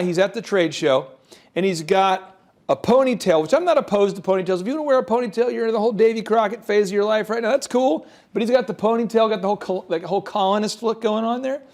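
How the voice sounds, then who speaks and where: High-voiced animated male podcast co-host. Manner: animated, acts out mock voices and scenarios. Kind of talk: comedic business advice chat.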